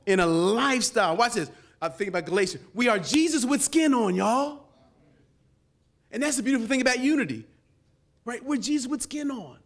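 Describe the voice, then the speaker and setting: A middle-aged man, a pastor, preaching a lively sermon to a live audience, calling for responses and swinging from quiet asides to shouts. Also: very high-pitched, brisk. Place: conference hall before a live audience.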